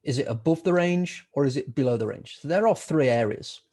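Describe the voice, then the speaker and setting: A man's voice: mid-range voice, expressive, brisk, dark tone. A middle-aged man teaching a live online trading lesson in a chatty way, repeating words and using many fillers. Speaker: trading educator.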